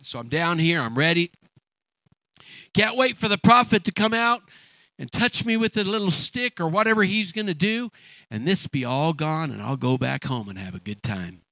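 A man's voice: fairly high pitch, lively intonation, moderate pace, bright, forceful tone, no room sound. A man voicing a proud foreign army commander who is blustering and indignant, in a retold story. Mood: self-important.

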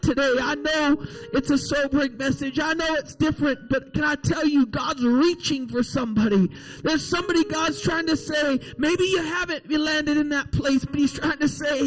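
A man preaching a sermon in a church, impassioned, rising to shouts and often asking "can I tell you". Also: extremely high pitch, poor audio. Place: church service, also streamed online.

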